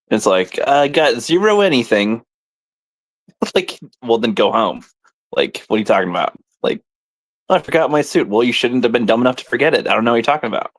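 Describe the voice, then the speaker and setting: A man's voice: on the low side, a bit bright, no room sound. A man co-hosting a casual comic review chat, rambling and laughing often. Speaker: podcast co-host.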